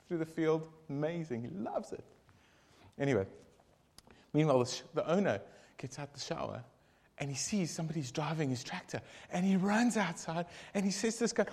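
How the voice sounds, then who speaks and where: A man leading a group devotion, telling a long joke in a casual, rambling, animated way with many asides. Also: fairly high pitch, normal speed.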